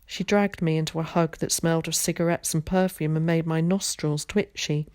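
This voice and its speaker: Teacher, woman, reading a story aloud, lowish and measured, dry close mic. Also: steady tone, a little mellow, no echo. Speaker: primary school teacher. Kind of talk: reading a children's novel aloud.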